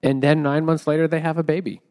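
A man's voice: on the high side, fast talker, clear, resonant tone. Dude summing up a novel for his buddies, doing the voices. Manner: retells the plot with animated quoted voices. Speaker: podcast co-host. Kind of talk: casual book-club chat.

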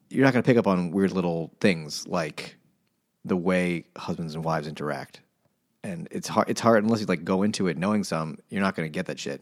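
A man with a very low voice talks loosely and profanely, circling his points in a relaxed book discussion. The sound is dry and close, with almost no room around him. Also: no echo. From United States. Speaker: podcast co-host. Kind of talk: casual book-club chat.

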